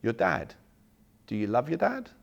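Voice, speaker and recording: A man's voice: mid-range voice, a little slow, vocal fry, highs cut off. A man, leading a live workshop and acting out sample messages for the audience. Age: 40s. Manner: animated, acts out sample messages, jokes with the room. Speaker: workshop speaker. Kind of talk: live seminar talk to an audience.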